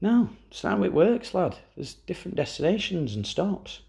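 A man's voice: high-pitched, very animated, normal speed, gravelly, mellow. A man hosting a podcast, telling football stories in a wry, casual way and swearing freely. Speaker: podcast host. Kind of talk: casual storytelling chat.

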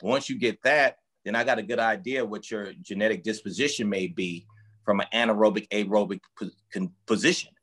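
A man speaks in a somewhat low register, relaxed yet emphatic. He explains his coaching work through vivid everyday comparisons, in loose conversational interview talk. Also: brisk. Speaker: strength and conditioning coach for boxers.

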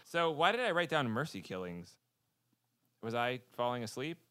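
A man co-hosting a casual podcast, trading quick banter and laughing often. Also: mid-range voice, very animated, sharp tone, clean tone, dry recording. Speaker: podcast co-host.

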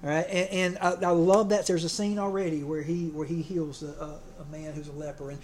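A man's voice: a little high, little pitch movement, fairly quick, darkish tone, slight background noise. A man preaching a folksy sermon, joking and often restarting his sentences. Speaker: pastor.

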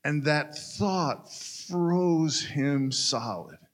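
A man's voice: a little high, animated, very slow. A man telling a story in a folksy, conversational way, talking straight to his listeners. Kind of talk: storytelling in a casual retelling.

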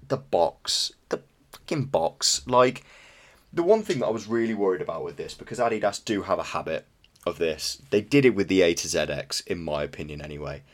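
Man, very deep voice, enthusiastic rambling podcast chat. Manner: enthusiastic, rambling, swears casually. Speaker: podcast co-host. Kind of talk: casual sneaker chat.

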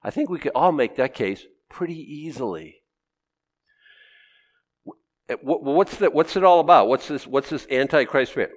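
A pastor preaching a sermon, swinging from loud exclamations to quiet, wry asides. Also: male voice, mid-range voice, animated, moderate pace.

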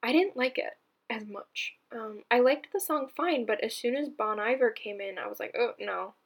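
A woman's voice: on the high side, lively intonation, moderate pace. A young woman hosting her own podcast, chatting casually and gushing, with lots of fillers and restarts. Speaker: podcast host. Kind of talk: casual solo podcast chat.

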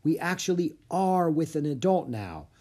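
A reader voicing an eager, excited young girl in a children's audiobook, lifting the voice high and bright. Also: normal speed. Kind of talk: audiobook character voice.

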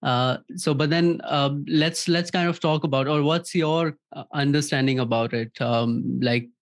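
A man's voice: fairly high pitch, steady tone, unhurried. Hesitant male interviewer. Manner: hesitant, with many fillers. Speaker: podcast host. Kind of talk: interview questions.

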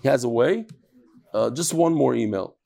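A rabbi teaching a casual daily Talmud lesson, hoarse from a cold, chatting with quick asides to the people in the room. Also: male voice, mid-range voice, expressive, dark tone.

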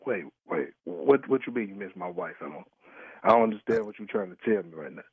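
A man's voice: sits low, expressive, brisk, creaky, slightly rough, no echo. Tired guy on a tinny phone line, blunt slang, keeps asking who this is, dry sound. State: tired from work. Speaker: prank call target, truck driver. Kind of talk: phone conversation.

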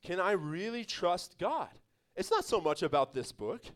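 A man's voice: high-pitched, very animated, moderate pace. A man, a pastor, preaching an evening church sermon in an emphatic, conversational way, with laughs and asides to the congregation.

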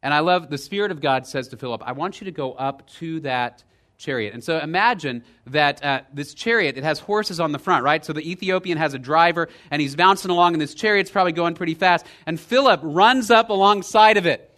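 A man preaching a sermon as pastor, telling a story with lively energy, dropping low and quiet for emphasis and rising loud in the retelling. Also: a little fast. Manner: lively storytelling, checks in with "right?".

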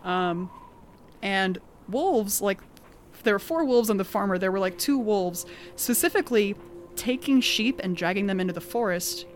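A woman with an accent casually recapping a tabletop game session, animated and laughing often, peppering her talk with "like". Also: medium pitch, normal speed, slight background noise. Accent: non-standard accent of her own. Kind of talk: casual storytelling chat.

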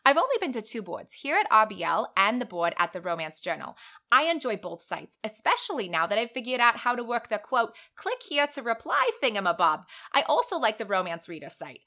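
Woman putting on a gushing middle-aged lady author, thick put-on accent, high and loud, bright pushy tone, emphatic and bubbly. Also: heavily acted.

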